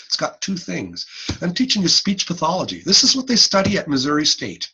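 A man teaching an online class over a video call. He demonstrates speech sounds aloud, with animated changes of voice, and often repeats himself. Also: a little high, brisk, slightly rough, dull audio. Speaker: instructor. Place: home or office on a video call.

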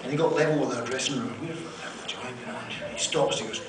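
Between songs at a live theater concert, a male singer-songwriter tells profane stories that poke fun at himself, laughing at his own jokes. He speaks quickly at a medium pitch. The stage mic sits far off, so the theater echoes and the crowd is loud.

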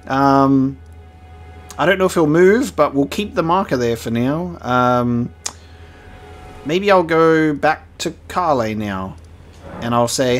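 Playing a game for the first time, a man gives animated let's-play commentary in a mid-range voice, speaking slowly and pausing often. He's chatty and playful, tossing in laughing asides, with faint music in the background.

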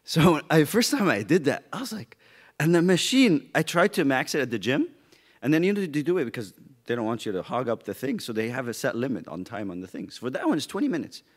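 A man teaching a youth Bible study, animated and joking as he acts out people's reactions. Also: medium pitch, brisk.

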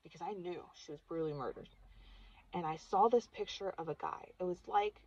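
A woman's voice: lowish voice, a little fast, darkish tone, breathy edge, no echo, lo-fi sound. A woman vlogger casually telling a personal story, earnest and chatty, saying "like" constantly.

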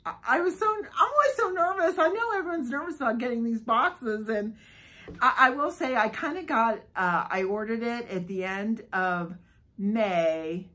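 A woman filming a casual unboxing vlog, gushing and giggling excitedly as she talks. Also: a little high, normal speed, poor audio. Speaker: vlogger unboxing a subscription box.

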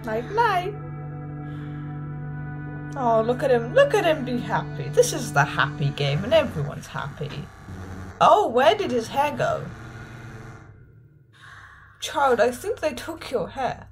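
A woman with a high, swooping voice gives let's-play commentary at an unhurried pace. She coos at the game's characters in a mock-cheerful, coaxing way, with faint music underneath. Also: wildly swooping pitch, rough recording. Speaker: gaming video host.

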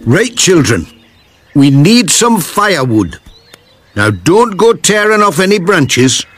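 Postman Pat, kindly and unhurried. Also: sits high, sing-song, a bit bright, soft background music, heavily acted. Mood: instructing. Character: cheerful friendly village postman, a kindly dad. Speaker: postman on a camping trip with children. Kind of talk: children's cartoon voice acting.

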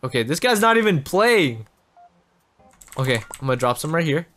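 Excitable man narrating his gameplay. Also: a little high, normal speed. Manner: excitable, talks straight to viewers. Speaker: gaming channel host. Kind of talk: Minecraft gameplay commentary.

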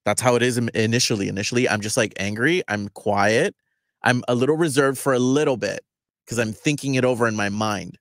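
A man co-hosting a radio show, explaining himself in a measured, thoughtful, somewhat hesitant way. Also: medium pitch, dry recording, studio quality. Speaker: radio co-host. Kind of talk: casual chat.

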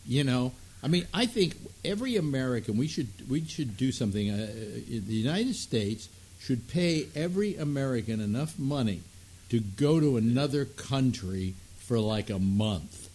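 A man hosting a casual talk show, speaking haltingly with many restarts and posing provocative questions. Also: mid-range voice, expressive, darkish tone, breathy edge. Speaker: host.

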